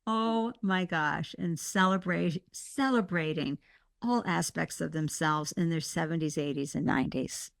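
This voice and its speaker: A woman guest talking in an interview, passionate and emphatic, with animated bursts of enthusiasm. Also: sits low, unhurried, creaky, no echo, clean studio sound. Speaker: guest, startup mentor and podcast host. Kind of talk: conversational interview.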